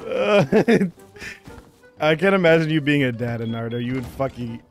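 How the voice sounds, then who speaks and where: A young man streaming a game, chatting excitedly with friends, swearing and laughing. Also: medium pitch, a little slow, soft background music. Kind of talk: casual gaming chat.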